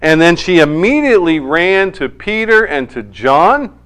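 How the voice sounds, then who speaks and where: Smooth-voiced male preacher. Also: high voice, sing-song, measured pace, a bit bright. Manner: conversational, emphatic, with joking asides. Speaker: pastor. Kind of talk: sermon.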